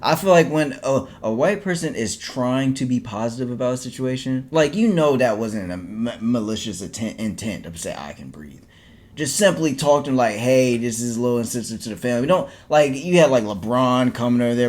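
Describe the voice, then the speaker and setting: A man co-hosting a podcast in casual chat, animated and often laughing, with many restarts. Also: medium pitch, normal speed. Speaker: podcast co-host.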